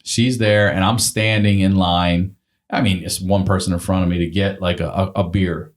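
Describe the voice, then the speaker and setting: Low-voiced man telling a wild story. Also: moderate pace. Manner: animated storyteller, swears freely, acts out quotes. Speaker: guest comedian. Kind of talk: casual storytelling chat.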